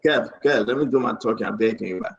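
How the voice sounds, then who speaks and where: A man's voice: lowish voice, fast talker, gravelly. A male talk show host, speaking emphatically and insistently. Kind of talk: political talk-show discussion. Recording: echoey, dull lo-fi stream audio.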